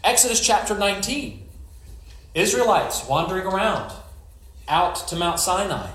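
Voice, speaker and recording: A man preaches in a relaxed, conversational way, turning scripture into stories with wisecracks and asides. His voice sits slightly high and swings widely in pitch. The sound carries a roomy echo. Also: moderate pace. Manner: joking, storytelling asides. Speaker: pastor. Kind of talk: conversational sermon.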